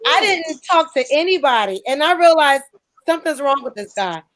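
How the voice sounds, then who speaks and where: A woman's voice: high voice, normal speed, no room sound, poor audio. A young woman, a show host telling a story in casual chat and acting out the voices she quotes. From New Jersey. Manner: lively, acts out quoted voices.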